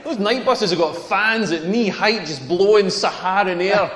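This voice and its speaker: A self-deprecating Scottish comic of about forty, played by a man in a game, rambling through his anecdotes in a voice pitched rather high. His set rings out in an echoey hall with a long reverb tail. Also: moderate pace, a crowd in the background, close to an everyday voice. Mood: wry. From Scotland. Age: 40s. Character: self-deprecating tall Scottish male comedian, around forty. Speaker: stand-up comedian. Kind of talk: stand-up comedy set in a video game.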